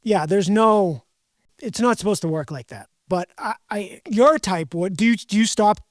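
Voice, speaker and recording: A woman's voice: mid-range voice, normal speed, dry recording, clean studio sound. A woman hosting a casual podcast conversation, rambling and correcting herself as she goes. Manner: rambling, self-correcting, chatty. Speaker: podcast host.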